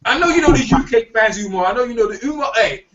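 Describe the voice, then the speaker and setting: A man with a high voice hosts a casual online hangout in loose slang, repeating himself as he goes. He sits back from a dull, lo-fi mic. A faint hiss runs under his talk. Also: animated, fast, distant mic, a loud crowd. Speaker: host.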